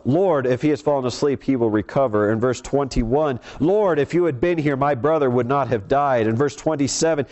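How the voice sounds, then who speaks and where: Earnest man preaching a sermon. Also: a little mellow. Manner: reads scripture verses aloud, earnest and explanatory; slows for emphasis, varied pitch.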